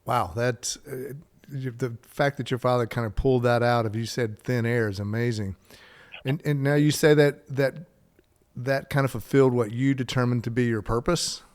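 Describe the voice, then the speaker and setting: A man hosting a podcast interview, asking his guest curious, halting questions. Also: mid-range voice, fairly even intonation. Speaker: podcast host.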